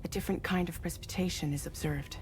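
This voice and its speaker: An actress voicing a composed woman in a game cutscene who explains a strange phenomenon in a measured, explanatory way. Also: fairly low pitch, fairly even intonation, background noise, close to an everyday voice. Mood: explaining. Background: game score.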